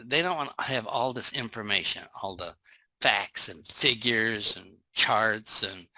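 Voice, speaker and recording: Bright-voiced folksy male sales trainer. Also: medium pitch, dry recording. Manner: folksy, joking, acts out little scenes. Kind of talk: live online training talk.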